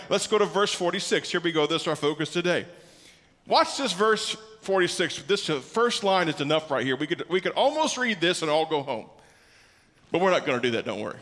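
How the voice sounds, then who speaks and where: A man's voice: sits high, bright, forceful tone. A man preaching a sermon as pastor, emphatic, repeating key words and asking the congregation questions. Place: church sanctuary. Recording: church hall reverb.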